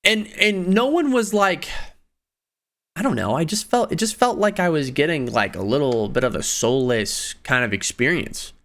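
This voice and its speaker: A man in his twenties telling personal stories in a casual vlog, animated, laughing often and jumping up in pitch on emphasis. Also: moderate pace. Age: 20s. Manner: animated, laughing storyteller with sudden pitch jumps. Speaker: video creator.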